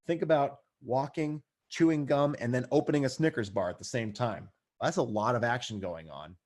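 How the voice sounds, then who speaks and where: Male paramedic instructor, medium-pitched, talks through a recorded lecture in a casual conversational way with dry jokes. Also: normal speed, a little mellow. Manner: conversational, dry asides, checks in with "right?".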